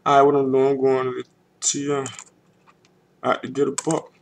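A man's voice: medium pitch, completely flat delivery, fairly quick, slight background noise. A man rambling casually to himself while he works at a computer, muttering and cursing in a loose, offhand way. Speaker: rapper filming himself at a computer. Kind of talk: rambling casual talk to camera. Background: keyboard typing and clicking.

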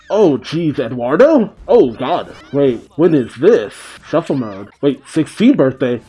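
A man with a mellow, warm-toned voice talks casually through a reaction video. He gives running commentary on a cartoon, full of quick exclamations and gasps. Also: medium pitch, sing-song, husky. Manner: exclamatory, quick gasps and chuckles between remarks.

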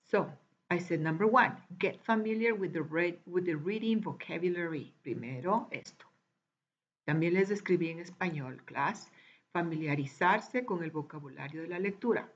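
Slow, husky-voiced woman teacher. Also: on the low side. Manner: patient, repeats and spells out words slowly. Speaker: English teacher. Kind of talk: recorded online class walkthrough. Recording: dull lo-fi recording.

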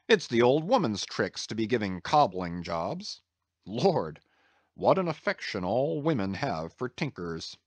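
A man's voice: on the low side, no room sound. A man voicing a fussy, grumbling old ship's carpenter who mutters and hesitates as he complains. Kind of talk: audiobook character reading.

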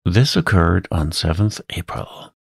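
A man reading a classic story aloud in a calm, soothing bedtime voice. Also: low-pitched, measured pace, no echo, clean studio sound. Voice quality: soft, soothing, gravelly.

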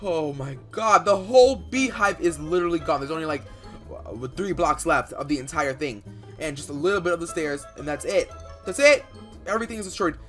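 Excitable young man in game role-play. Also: a little high, a little fast. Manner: excitable and dramatic, swinging into loud outbursts; rambling with fillers. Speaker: YouTuber playing a bee in Minecraft. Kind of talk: Minecraft role-play commentary. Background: faint background music.

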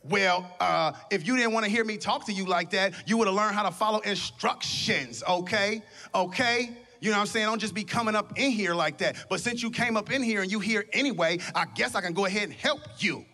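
A man's voice: sits high, pushed and bright, faint music behind. Man playing a sassy scolding female clerk. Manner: scolding, drawn-out, condescending. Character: sassy impatient female license-office clerk.

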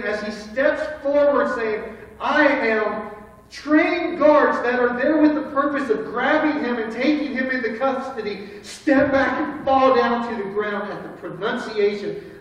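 A man's voice: very high-pitched, a bit bright, lo-fi sound. A man preaching a sermon, retelling a Bible story in an earnest, storytelling way. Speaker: pastor. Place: church sanctuary. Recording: echoey hall from far off.

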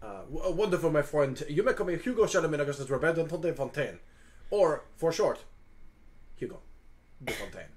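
A grandly polite male adventurer, put on by a man, full of ornate courtesies. His pitch swoops and lifts all through his lines, and he trips over his own flowery words. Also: expressive, normal speed, natural voice. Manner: grandiose formal speech, stumbles and restarts.

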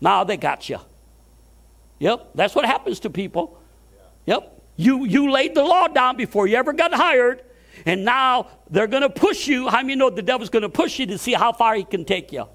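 Brief: very high-pitched male preacher, storytelling sermon, acts out the voices he quotes. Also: normal speed. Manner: repeats words when excited.

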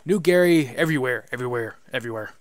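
A man voicing an excitable male goblin who talks in broken, repetitive phrases. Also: fast, no room sound, natural voice. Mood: excited. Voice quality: broken grammar, repeats words. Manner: loud, excitable, high-pitched. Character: jittery chattering male goblin in a cellar.

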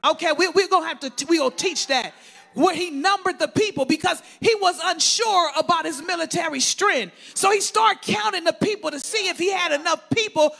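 A very high-pitched man preaches, his voice gravelly and rough at the edges. He shouts his sermon in fervent bursts, piling up long repeated lists and calling out to the congregation. His tone is bright and piercing. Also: a little fast. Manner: call-and-response preaching with repetitive lists.

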